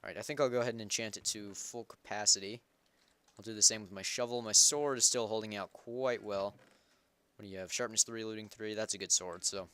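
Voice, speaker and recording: A man's voice: lowish voice, brisk, sharp tone, clean tone. A young man hosting a game server, giving casual gameplay commentary in a rambling, self-correcting way. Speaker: Minecraft server host.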